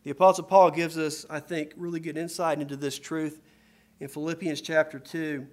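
A man preaching a sermon, moving between hushed storytelling and loud, emphatic passages as he quotes scripture. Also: on the high side, level tone, moderate pace.

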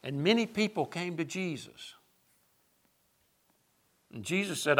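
A man's voice: a little high, lively intonation, measured pace, pauses often, fairly bright tone. A man preaching a sermon, emphatic and sarcastic, building his points through lists.

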